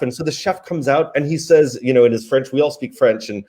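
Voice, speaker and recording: A man's voice: fairly high pitch, fast, hardly any pauses. A man, a wine sales director and guest, telling stories casually with fillers and restarts. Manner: relaxed, chatty, frequent fillers and restarts. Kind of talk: casual interview storytelling.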